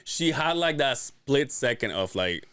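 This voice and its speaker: A man's voice: mid-range voice, expressive, unhurried, a bit bright, clear, resonant tone, dry recording, studio quality. A man telling a funny family story on a podcast, laughing often and swearing casually. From Latin American family. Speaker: podcast guest.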